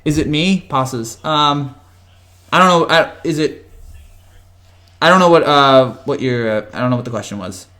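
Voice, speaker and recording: A man's voice: fairly high pitch, normal speed, long pauses. A man hosting a casual live chat from home, answering viewer comments in a rambling way, with frequent restarts and chuckles, and keeping his voice down. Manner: talks quietly to avoid waking family. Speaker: host.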